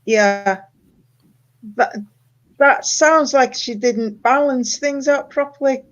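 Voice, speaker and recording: A middle-aged woman chatting casually, unhurried and trailing off with fillers. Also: sits high. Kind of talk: casual chat. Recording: dull, muffled sound.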